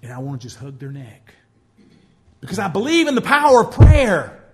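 A man's voice: high voice, huge pitch swings, normal speed. A man preaching as pastor, telling stories and acting out the voices of people he quotes. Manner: storytelling preacher who acts out quoted speech. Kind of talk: sermon.

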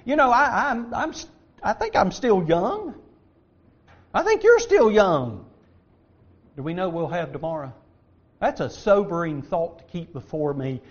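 Male preacher, high voice, emphatic, loud stresses and soft asides. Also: very animated, a little slow, long pauses, dull audio. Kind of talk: sermon.

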